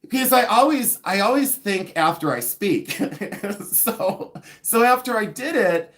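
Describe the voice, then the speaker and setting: A man's voice: high voice, measured pace. A man hosting a live jewelry sale stream, chatting in a gossipy, rambling way with frequent laughter and side stories. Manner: gossipy, animated, laughs often, rambling asides. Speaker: livestream host selling vintage jewelry. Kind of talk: chatty livestream monologue.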